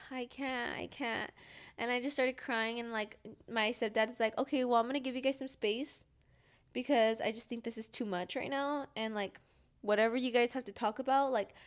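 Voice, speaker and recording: A young woman co-hosting a podcast, telling a personal story casually and full of "like", acting out the dialogue. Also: on the high side. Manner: rambling, heavy use of "like", acts out quoted dialogue. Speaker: podcast co-host.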